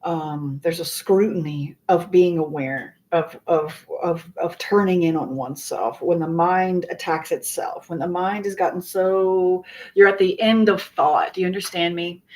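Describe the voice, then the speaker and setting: A woman with a fairly low voice talks through a live tarot spread. She is earnest and loose, repeating words as she feels her way, and swears casually now and then. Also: a little mellow, low-quality recording. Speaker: tarot reader.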